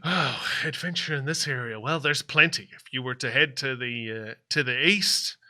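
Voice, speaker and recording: Courteous innkeeper guy , man voicing him, fussy, kinda quiet, tabletop game. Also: medium pitch, normal speed, pitched below the performer's own voice. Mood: obliging. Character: polite male innkeeper barman.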